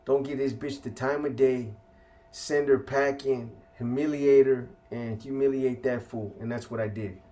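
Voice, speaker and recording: A man from California bluntly tells his life story as an interviewee, using casual street slang and plenty of profanity. His mid-range voice has a dark tone, fairly even intonation, and an unhurried pace.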